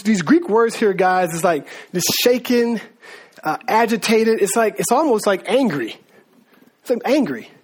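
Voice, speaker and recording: Man, preacher, high voice, informal slangy Bible teaching, acts out story voices. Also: darkish tone, husky. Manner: informal, slangy, addresses listeners as guys; acts out voices of biblical figures.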